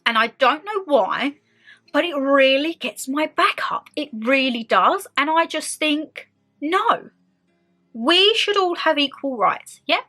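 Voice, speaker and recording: A woman's voice: sits high, lively intonation, takes it slowly, pushed and bright, faint music behind. A young woman with a British accent, chatting openly and expressively to her viewers in a casual sit-down vlog. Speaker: vlogger.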